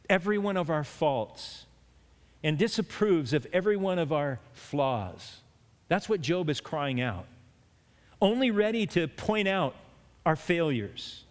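A man with a somewhat raised voice preaching an expository sermon in a plain, conversational way. He stumbles and restarts often, then climbs higher when he gives voice to Job's lament. The sound carries a long hall reverb. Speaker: pastor.

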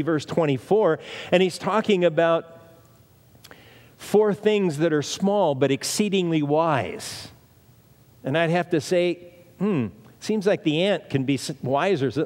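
Man, preacher, sermon, emphatic, repeats himself, rhetorical questions, slightly high voice, long hall reverb. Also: a little slow, darkish tone.

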